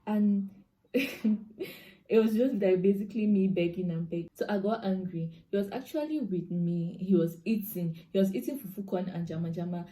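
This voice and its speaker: A young woman with a Cameroonian accent, from Cameroon, telling a story time to her viewers. She talks in a chatty, expressive way, slipping into pidgin turns of phrase. Her voice is mellow and warm. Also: lowish voice, a little fast, few pauses. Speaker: vlogger.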